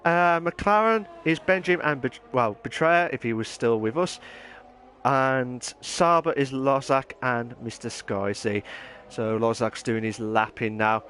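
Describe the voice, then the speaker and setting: A man's voice: mid-range voice, unhurried, fairly bright tone, a little hiss or hum. A man giving chatty live commentary on an online racing league, naming drivers and addressing viewers. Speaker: race commentator.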